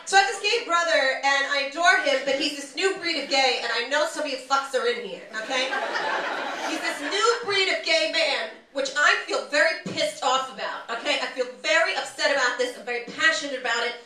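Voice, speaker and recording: A woman with a New York accent performing a stand-up comedy set on a club stage, talking loud, brash and animated, swearing freely. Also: sits high, fairly quick. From New York, USA. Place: large comedy club stage, audience laughing. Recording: echoey room, from far off, noisy.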